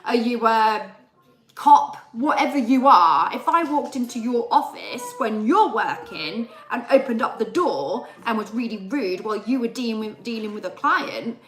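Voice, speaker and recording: A woman's voice: a little high, lively intonation, moderate pace, a bit bright, reverberant. A young adult woman, chatting casually on a live stream and telling a story with re-enacted dialogue. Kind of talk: casual chat.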